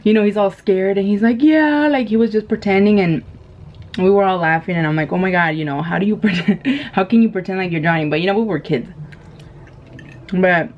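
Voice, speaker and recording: A woman's voice: mid-range voice, steady tone, a little fast. A woman in her thirties telling a story while eating on camera, in casual chat full of fillers and laughs. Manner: chatty, laughs often, many fillers. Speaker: mukbang vlogger. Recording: dull lo-fi camera audio with faint noise.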